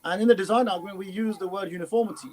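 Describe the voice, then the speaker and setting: A man on a panel earnestly explaining an argument, halting and restarting as he goes. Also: sits high, low-quality recording. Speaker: panel guest. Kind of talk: explaining an argument in casual chat.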